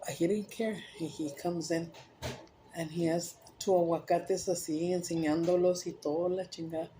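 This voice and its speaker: A woman vlogger casually telling a joke in a rambling, animated way and correcting herself as she goes. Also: on the low side, normal speed, slight background noise. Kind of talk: casual storytelling.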